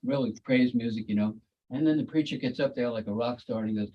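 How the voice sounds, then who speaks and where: Over a video call, a man gives a devotional talk in a medium-pitched, dark voice, talking quickly. He tells stories conversationally, dropping folksy asides like "you know" and "cool, eh," and the audio sounds dull.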